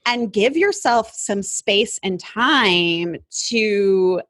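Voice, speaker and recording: Woman guest, lively storyteller, quotes her own thoughts, laughs often, close dry mic. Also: medium pitch, drawn-out words, no echo. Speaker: guest, communication consultant. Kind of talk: casual interview chat. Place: home office.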